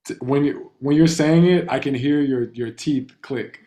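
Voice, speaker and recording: Man as patient language teacher, corrects and encourages, mid-pitched voice. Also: unhurried, warm tone. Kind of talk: online class instruction.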